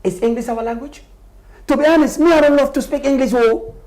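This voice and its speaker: A man's voice: very high-pitched, fairly quick, a little mellow. A middle-aged man from Gambia, a party official speaking passionately as a guest in a live interview. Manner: emphatic, passionate, laughs often.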